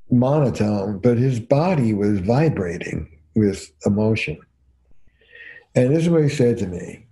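A man, a couples therapist, telling stories emphatically as a guest on a podcast interview. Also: mid-range voice. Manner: emphatic, animated storyteller.

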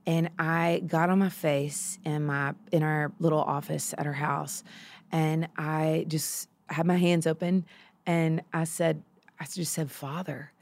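Lively woman telling a story, low voice. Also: measured pace, gravelly. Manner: animated, acts out quoted voices, many fillers. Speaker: songwriter guest. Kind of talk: casual podcast storytelling. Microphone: studio microphone.

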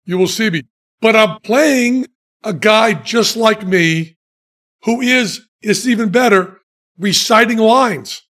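A man spins a long, self-mocking anecdote in relaxed conversation. His voice sits high for a man and he takes his time, with dry, deadpan timing and his own laughter breaking in. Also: takes it slowly. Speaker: podcast guest telling stories. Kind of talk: casual storytelling chat.

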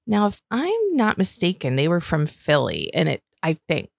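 A woman's voice: lowish voice, huge pitch swings, normal speed, creaky, no room sound, clean studio sound. A woman co-hosting a podcast in casual chat, talkative and chatty. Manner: chatty, reads names aloud. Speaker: podcast co-host.

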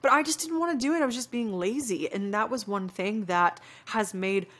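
A woman's voice: a little high, fairly quick, fairly bright tone. A young adult woman hosting a solo podcast, talking in an earnest, reflective and casual way with many "you know" fillers. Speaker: podcast host.

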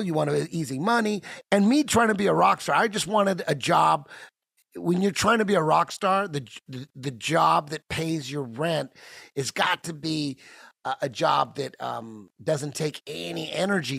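Gravelly, husky man telling a story. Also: on the high side, no room sound, clean studio sound. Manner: profane, animated storyteller who acts out the voices of others. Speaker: podcast host. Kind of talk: casual comedic storytelling.

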